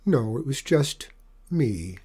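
A man voicing a sheepish young dragon boy who answers softly and hesitantly. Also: mid-range voice, big pitch swings, slow pace, husky, exaggerated voice.

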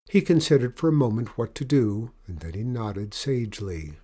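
A man narrating a children's adventure story aloud with expressive, animated delivery. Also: medium pitch, normal speed, breathy edge.

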